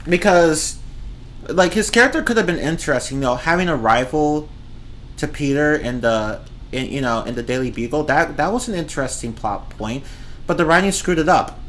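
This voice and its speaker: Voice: medium pitch, expressive, normal speed, fairly bright tone, a little hiss or hum. A streamer ranting casually about movies, rambling and swearing, often breaking into laughter. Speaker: streamer reviewing films. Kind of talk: casual rant.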